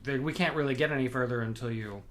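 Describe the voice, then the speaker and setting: Podcast cohost recapping a show, kinda hesitant, thinks out loud. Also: medium pitch, fast talker. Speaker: podcast co-host. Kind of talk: casual chat recapping a TV show.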